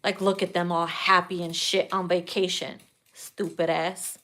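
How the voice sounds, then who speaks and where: A woman giving a casual tarot reading, blunt and profane, laughing loudly at her own jokes. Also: on the low side, a little slow. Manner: blunt, profane and animated, breaks into loud laughter. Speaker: tarot reader.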